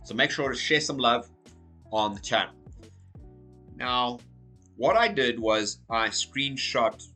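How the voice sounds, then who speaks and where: A man with a hoarse, croaky voice talking casually through crypto market commentary, energetic and checking in with "okay?" as he goes. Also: mid-range voice. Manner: energetic, repeats okay and so as you can see. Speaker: crypto YouTuber.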